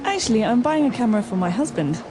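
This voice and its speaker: A woman playing a confident wife shopping for a camera, brisk and a little dry, in a scripted learner dialogue. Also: a little high, big pitch swings. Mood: brisk customer. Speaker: actor in a listening dialogue.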